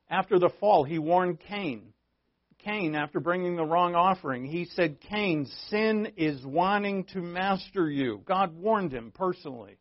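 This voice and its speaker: A man preaches a sermon to his congregation in an easy, conversational manner, throwing in jokes along the way. His voice sits a little higher than most men's. The recording is muffled and lo-fi, probably from a church. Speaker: pastor. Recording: dull lo-fi recording.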